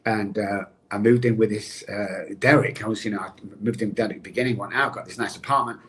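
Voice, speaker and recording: A man's voice: on the low side, quick pace, a little hiss or hum. Man telling his recovery story. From England. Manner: animated, personal storytelling, addresses the host by name. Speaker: guest, addiction recovery expert. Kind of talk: podcast interview storytelling.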